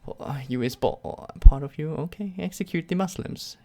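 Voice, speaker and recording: A man's voice: fairly high pitch, moderate pace, warm tone. A young man with a German accent who is native to German. He hosts a casual live stream and reads out chat questions, answering with sarcastic jokes and frequent laughter. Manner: sarcastic, joking, laughs often. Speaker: YouTube channel host.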